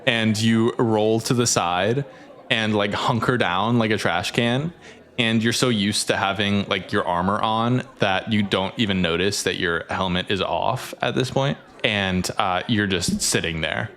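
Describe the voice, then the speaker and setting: A man narrating as game master, easygoing and quick to laugh. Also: fairly low pitch, a bit bright.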